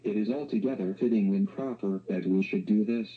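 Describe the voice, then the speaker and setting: A computer text-to-speech voice of a man, reading in an even synthetic way through tinny playback. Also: lowish voice, fairly quick, breathy edge. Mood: measured.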